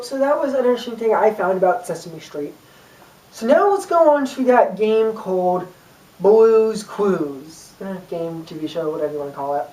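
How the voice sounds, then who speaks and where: A woman's voice: a little high, warm tone. A young woman vlogging casually to camera, rambling and chatty with lots of fillers and little jokes. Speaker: YouTube vlogger. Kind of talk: casual talk to camera about a book. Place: room, filmed by a camera person. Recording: echoey room from far off.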